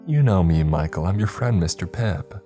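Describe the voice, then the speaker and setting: A man voicing a cheery but menacing clown spirit living in a closet, speaking in a high, sing-song tone. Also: lively intonation, moderate pace, dark tone, faint music behind. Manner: high-pitched sing-song, refers to himself by name.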